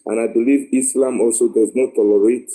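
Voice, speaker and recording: A Nigerian man from Edo State speaking as a caller in a live online discussion. He makes a measured, earnest appeal and pauses often with fillers. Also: medium pitch, fairly even intonation, mellow, poor audio.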